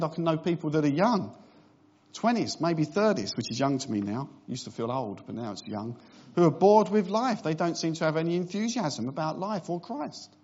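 A man's voice: a little high, darkish tone, breathy edge, dull audio. A middle-aged man preaching a sermon in a conversational way, with wry humorous asides.

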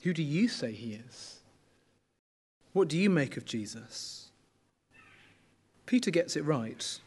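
A man's voice: a little high, sing-song, takes it slowly, a little mellow, slightly rough. A middle-aged man preaching a sermon in a conversational way, often asking the congregation questions.

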